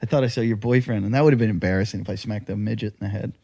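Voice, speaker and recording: A man's voice: on the low side, rapid-fire, warm tone. A man co-hosting a comedy podcast, telling crude stories in casual chat and laughing often. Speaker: podcast co-host.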